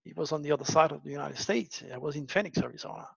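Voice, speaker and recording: A man's voice: on the high side, racing, vocal fry, slightly rough, dry recording, muffled recording. A man telling a personal story in a dramatic monologue, often repeating words for emphasis. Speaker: astrology show host.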